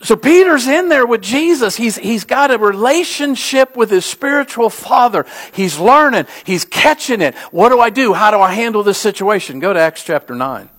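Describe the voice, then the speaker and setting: High-voiced man preaching an animated sermon. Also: moderate pace, hardly any pauses. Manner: animated storytelling, rising to emphatic peaks. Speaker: pastor.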